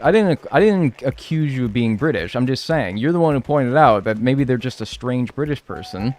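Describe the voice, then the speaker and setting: A man commentating his gameplay on a live stream, in a mid-pitched voice that swoops up and down with animation. He rambles, swears freely and fills his sentences with "like", all in casual chat. Soft music plays quietly behind him.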